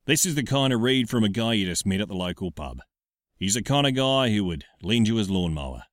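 A man's voice: on the low side, lively intonation, a little fast, dry recording, clean studio sound, lightly acted. A man doing a laid-back pub bloke. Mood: matey.

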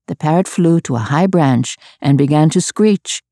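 A woman reading a children's storybook aloud, expressive and measured. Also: low-pitched, no echo, clean studio sound.

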